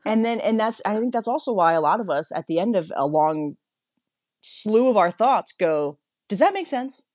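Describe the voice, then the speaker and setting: A young adult woman co-hosting a casual podcast chat, talking quickly, cutting herself off and acting out quoted dialogue. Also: mid-range voice, lively intonation, darkish tone, no room sound, clean studio sound. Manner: fast, self-interrupting, acts out quoted dialogue. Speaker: podcast co-host.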